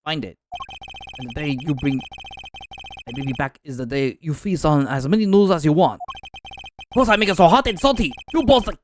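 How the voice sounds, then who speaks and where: A man putting on a loud, boastful noodle vendor. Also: fairly high pitch, animated, brisk, long pauses, a little hiss or hum, lightly acted. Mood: pleading. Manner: loud, proud, theatrical. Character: boisterous middle-aged male noodle vendor. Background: game music.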